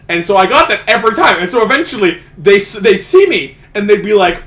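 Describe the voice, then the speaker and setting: A man's voice: high-pitched, big pitch swings, fast, few pauses, a bit bright. A young man co-hosting a casual podcast, rambling and swearing as he tells stories, often laughing through them. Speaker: podcast co-host.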